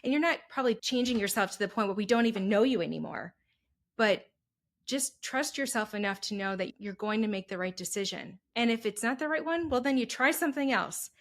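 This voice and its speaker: A middle-aged woman giving calm, encouraging advice as a podcast guest. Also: a little high, fairly quick. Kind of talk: casual interview chat.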